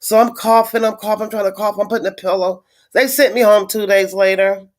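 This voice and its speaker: A woman chatting casually on a live stream to her viewers, venting in a frustrated, blunt way with swearing and halting restarts. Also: medium pitch, steady tone. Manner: halting with many fillers and restarts. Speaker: livestreamer greeting viewers.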